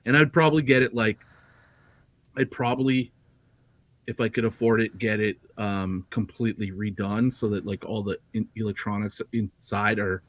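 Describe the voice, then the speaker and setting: A man's voice: lowish voice, steady tone, normal speed, no echo. A man chatting casually as a guest on a livestream, rambling with many fillers and restarts. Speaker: guest collector.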